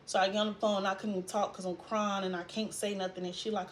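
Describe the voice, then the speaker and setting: A woman's voice: mid-range voice, level tone, slight background noise. Young woman telling a painful story. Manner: halting, trailing off, fighting tears. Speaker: vlogger. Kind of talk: emotional personal storytelling.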